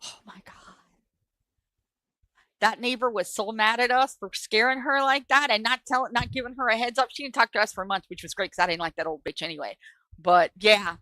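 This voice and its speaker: A middle-aged woman from New York hosts a live stream and tells a story in a blunt, profane way. Her voice is bright and forceful. The sound is close and dry. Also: a little high, a little fast, dry recording, rough recording. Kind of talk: casual storytelling.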